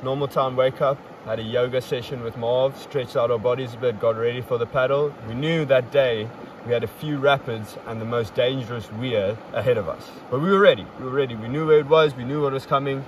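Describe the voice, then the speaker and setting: A man's voice: mid-range voice, brisk. A young man hosting a casual podcast outdoors, recapping a river trip in an upbeat, playfully boastful way. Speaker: podcast host. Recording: distant mic, outdoor traffic noise.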